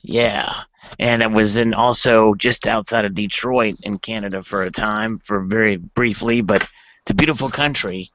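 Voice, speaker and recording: A man's voice: lowish voice, fairly even intonation, moderate pace, a bit bright, slight background noise. Upbeat man hosting a live hangout. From greater Washington DC area. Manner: upbeat, reads chat aloud. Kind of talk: casual live-stream chat. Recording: dull lo-fi online call audio.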